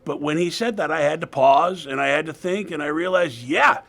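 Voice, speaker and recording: A man's voice: a little high, a little fast, vocal fry, a bit bright. A man co-hosting a talk show, joking and laid-back in casual banter. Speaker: co-host and producer.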